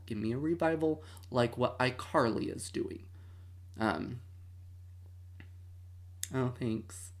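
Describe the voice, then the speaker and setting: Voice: mid-range voice, a little slow, gravelly, long pauses. A streamer in their twenties hosting a movie watch-along, chatting casually and dramatically with mock outrage. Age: 20s. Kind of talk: casual livestream chat.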